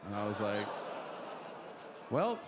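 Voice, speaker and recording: A man doing stand-up comedy on stage, telling a story deadpan and acting out the other people's voices. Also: on the low side, takes it slowly. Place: large theater stage with audience. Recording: echoey hall with audience noise. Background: audience laughter.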